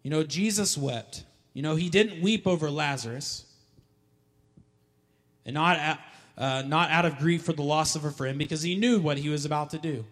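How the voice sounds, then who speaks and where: A male pastor preaching a sermon emphatically, repeating key lines and building to loud calls. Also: a little high, normal speed. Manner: emphatic, repeats lines for effect, rising to shouts. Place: church hall. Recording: long hall reverb.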